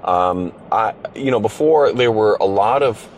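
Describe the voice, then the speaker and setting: A man's voice: on the low side, a little slow, slight background noise. A man hosting a casual conversation, telling a story animatedly with plenty of fillers and restarts. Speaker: host. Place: car driving through a city.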